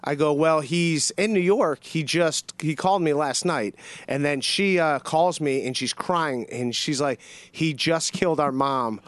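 Rambling man with a higher voice. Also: fairly bright tone, dry recording. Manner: rambling, halting, with many fillers and restarts. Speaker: guest telling a story. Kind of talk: casual storytelling on a comedy podcast.

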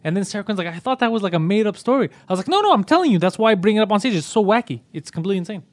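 A man who does stand-up comedy, telling stories in a casual podcast chat, profane and animated. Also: high-pitched, racing, no room sound. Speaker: podcast host.

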